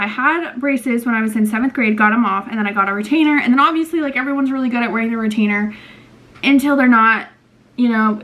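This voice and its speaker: A young woman in her twenties chatting casually to camera at home, rambling and indecisive with lots of fillers. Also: a little high. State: out of breath. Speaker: beauty vlogger. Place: at home, indoors. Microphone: camera mic, later phone on a tripod.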